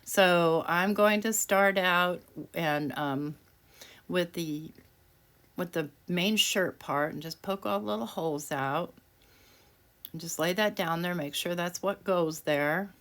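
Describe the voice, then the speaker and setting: Speaking slowly in a fairly low, fairly bright voice, a woman voices a casual craft demonstration, making self-deprecating remarks while she works and laughing frequently.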